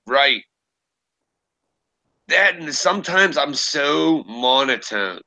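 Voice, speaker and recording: A man's voice: a little high, lively intonation, slow pace, pushed and bright, poor audio. A young man streaming from home, chatting casually, rambling and profane, often laughing at himself. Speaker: streamer and creepypasta narrator. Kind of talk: casual livestream chat. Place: home room.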